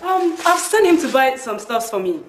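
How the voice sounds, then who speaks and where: A woman's voice: high voice, big pitch swings, moderate pace, roomy sound. A woman with a Ghanaian accent playing a young wife in a family film drama, pleading and defensive.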